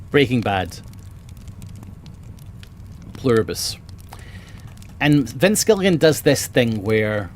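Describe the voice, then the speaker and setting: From a home room full of bookshelves, a man with a mid-range voice streams and chats about books. He's rambling, enthusiastic and casual, swearing often, with slight background noise present.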